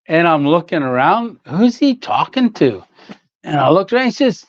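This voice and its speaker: An older man hosts a casual home livestream, telling rambling stories and reading viewers' comments aloud with frequent laughs. His voice sits a little high and the talk moves slowly. The sound is dry and a bit dull, like a lo-fi stream. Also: sing-song, dry recording. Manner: rambling storyteller, reads chat aloud, laughs often. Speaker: livestream host.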